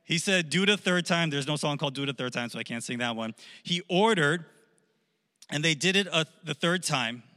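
A man preaching a sermon, telling a story with jokes and animated asides. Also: fairly high pitch, brisk, in a large hall. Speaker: pastor.

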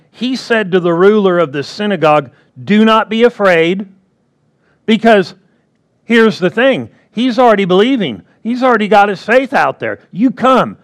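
A man preaching a sermon in a conversational way, often checking in with the congregation. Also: high voice. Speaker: pastor.

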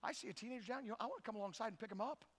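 A pastor preaching a sermon, telling stories with animated voices and acting out the characters. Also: male voice, sits high, rapid-fire, big-room sound.

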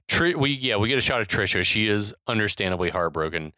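A man's voice: on the low side, lively intonation, quick pace, bright, forceful tone, no echo. A man casually recapping a movie's scenes with sarcastic asides as a podcast co-host.

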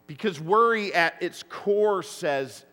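A man's voice: sits high, lively intonation, slow, sharp tone. A man preaching a sermon to his congregation. He tells stories and keeps asking the room rhetorical questions. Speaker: pastor. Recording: long hall reverb.

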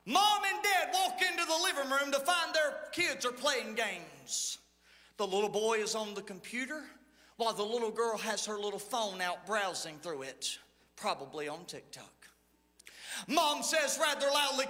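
High-pitched, intense preaching pastor. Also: male voice, lively intonation, moderate pace, long reverb tail. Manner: preaching with sudden swings between loud calls and hushed asides; playful storytelling, acting out the people in his stories. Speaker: lead pastor. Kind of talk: sermon.

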